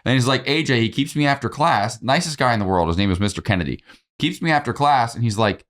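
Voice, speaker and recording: A man's voice: lowish voice, fairly quick. A man in his thirties co-hosting a podcast, telling stories in casual chat and swearing freely. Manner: animated storytelling, swears freely. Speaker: podcast co-host.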